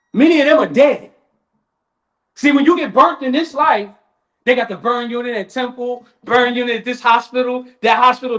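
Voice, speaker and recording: A man's voice: very high-pitched, fairly bright tone. A man giving a sermon at a community event, in casual street talk, dramatic and acting out voices. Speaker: lecturer.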